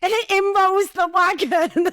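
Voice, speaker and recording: Woman, podcast co-host, slow unhurried delivery, dry wry remarks, dry close recording. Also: very high voice, fairly even intonation, fairly bright tone, no room sound. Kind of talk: casual podcast chat, reading listener stories.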